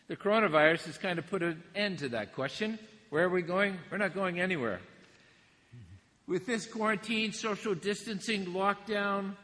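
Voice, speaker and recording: A man preaching a reflective sermon, with gentle asides and the odd laugh. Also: fairly high pitch. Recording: long hall reverb.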